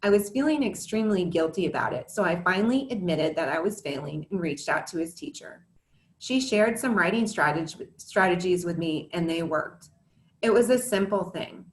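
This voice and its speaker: A woman's voice: on the low side, lively intonation, moderate pace, reverberant. A woman in her thirties, a former teacher and parent, giving a prepared talk to parents in an earnest, scripted manner with candid asides. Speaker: educator and parent presenter.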